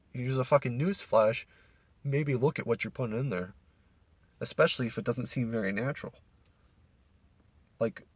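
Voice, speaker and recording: A man's voice: medium pitch, husky, no room sound. Profane rambling young man, dry close sound. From Canada. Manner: profane, rambling, with frequent restarts. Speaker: podcast host. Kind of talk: casual ranting monologue.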